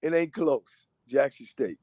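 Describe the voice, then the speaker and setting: A man's voice: mid-range voice, a little slow, a little mellow, no echo, studio quality. A man, a coach guesting on a video call, laid-back with short plain answers. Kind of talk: casual sports chat.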